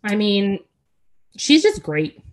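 A woman's voice: medium pitch, wildly swooping pitch, slow pace. A woman co-hosting a casual podcast, opinionated and enthusiastic, with many fillers. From Canada. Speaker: podcast co-host.

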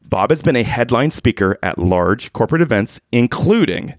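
A man's voice: mid-range voice, expressive, moderate pace, dry recording, studio quality. A man co-hosting a podcast, introducing fun facts and bantering playfully with his co-host. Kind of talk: casual podcast chat.

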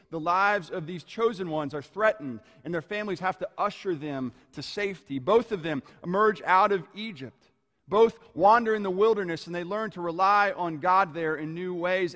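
Male preacher, slightly high voice, measured storytelling sermon, long hall reverb. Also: fairly bright tone. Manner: measured, storytelling, slowing on key phrases.

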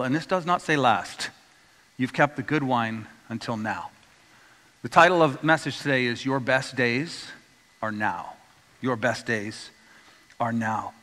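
A man preaching a sermon as a pastor, retelling stories in a lively way and getting the congregation to say words back to him. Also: medium pitch. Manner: storytelling, acts out quoted voices, asks congregation to repeat words. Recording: long hall reverb.

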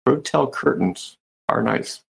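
A man's voice: mid-range voice, slow, vocal fry. A man hosting a webcast, chatting casually and joking with his guests. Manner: joking, relaxed, laughs often. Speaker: host.

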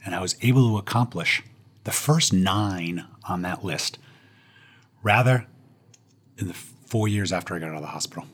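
A man with a husky voice sits in as an interview guest and tells his own story with humor. His voice sits on the low side, and he lands his punchlines with self-mocking timing. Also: normal speed, long pauses, fairly bright tone. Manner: self-deprecating, punchline delivery.

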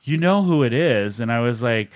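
A man co-hosting a podcast, telling a story in casual chat and acting out the other people's lines. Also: normal speed. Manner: animated storyteller, mimics others' lines with raised pitch. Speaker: podcast co-host.

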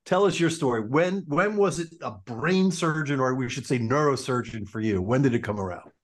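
A man's voice: mid-range voice, expressive, moderate pace. A man hosting a podcast interview, upbeat and enthusiastic, often repeating himself. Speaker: podcast host, orthopedic surgeon.

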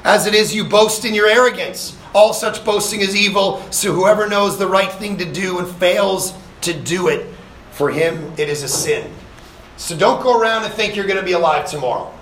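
A man's voice: high voice, normal speed, roomy sound, slight background noise, low-quality recording. A man preaching a sermon, reading scripture aloud and driving his points home with rising force, breaking into casual asides to his listeners. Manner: animated preaching, punching lines with rising volume; conversational asides to young listeners. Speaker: pastor. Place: summer camp session.

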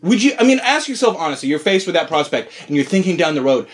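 A man talking casually about a movie, animated, swearing freely and laughing often. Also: on the high side, fast talker. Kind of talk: casual film discussion.

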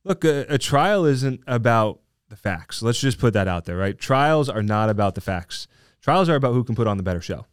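A man in the role of a trial lawyer talks through a case in a relaxed, conversational way. His voice is smooth and clear, recorded dry and close. He keeps checking in with his listeners as he explains. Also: mid-range voice, normal speed, no room sound. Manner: talkative, explains with frequent "right?". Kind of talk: casual discussion.

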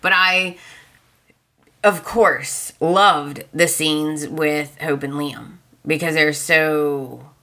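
A woman hosting a podcast, casually retelling soap opera scenes in an animated way and acting out the characters' lines. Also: deep voice, extremely slow. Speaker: podcast host.

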